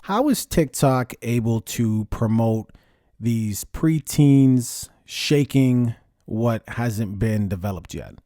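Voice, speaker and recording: A man hosting a casual podcast, talking in a lively, conversational way and stressing words as he rants. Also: mid-range voice, slow pace, no echo, studio quality, soft background music. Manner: lively, conversational, ranting with emphasis. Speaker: podcast host. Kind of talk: casual solo podcast talk.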